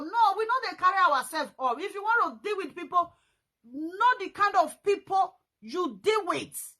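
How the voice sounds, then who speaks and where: A woman's voice: extremely high pitch, expressive, moderate pace, sharp tone, rough recording. A Nigerian woman vlogging a scolding rant, repeating her points and mixing in pidgin slang. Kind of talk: ranting commentary vlog.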